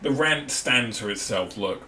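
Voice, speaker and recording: A man's voice: medium pitch, animated, measured pace, pushed and bright. An Australian man, a podcast co-host, chatting casually and ranting with frequent laughs. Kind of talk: casual chat. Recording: distant mic with faint ambient noise.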